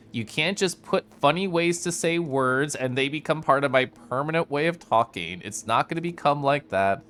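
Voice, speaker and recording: A young man streaming a game, chatting casually with his viewers in a flowing, animated monologue and laughing often. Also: on the high side, a little slow, clean tone. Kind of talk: casual live-stream chat while gaming.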